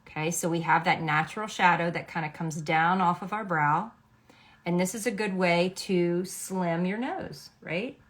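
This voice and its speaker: A woman's voice: on the low side, normal speed. A middle-aged woman, a makeup artist, explaining a makeup routine step by step in a chatty, instructive way, often checking in with "okay?". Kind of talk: makeup tutorial.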